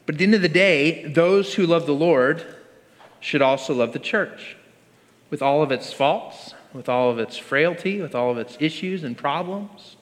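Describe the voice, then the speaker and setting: A man's voice: a little high, unhurried. A man preaching a conversational sermon to a congregation, leading them in call-and-response. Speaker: pastor. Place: church hall with congregation. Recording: long reverb of a large hall.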